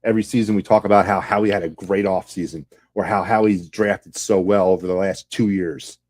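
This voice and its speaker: A man's voice: low-pitched, steady tone, brisk, a little mellow. A man hosting a sports podcast, delivering a heated, sarcastic fan rant full of rhetorical questions.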